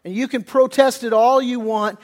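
Casual pastor preaching in a reverberant hall. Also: male voice, extremely high pitch, steady tone, normal speed, a little mellow. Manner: casual, conversational, repeats words when restarting. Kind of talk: sermon.

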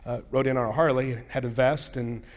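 A man's voice: medium pitch, steady tone, brisk. A male pastor giving a sermon in a casual, storytelling way, acting out the quoted dialogue of his anecdotes.

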